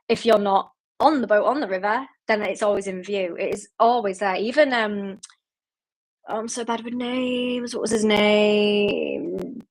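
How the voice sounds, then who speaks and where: A woman's voice: medium pitch, fairly bright tone. A woman hosting a book club livestream, chatting casually and rambling, reading out viewer comments and laughing at herself.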